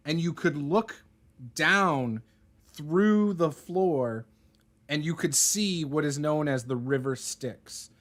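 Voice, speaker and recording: A man's voice: a little high, takes it slowly, fairly bright tone. A man running a tabletop game over a video call, narrating loosely with many fillers. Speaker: game master.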